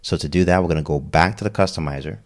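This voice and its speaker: Male tutor, extremely deep voice, casual step-by-step software walkthrough. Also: quick pace. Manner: step-by-step, casual, frequent "okay?" check-ins. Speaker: web design tutor. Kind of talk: screen-recorded software tutorial.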